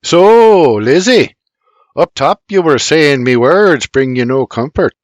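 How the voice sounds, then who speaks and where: A booming, hearty uncle, as a man puts him on for an audiobook, speaking louder and a little higher than the narration. He sounds patient and emphatic, with a lilt. The recording is close and dry. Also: expressive, takes it slowly, no room sound. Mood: coaxing.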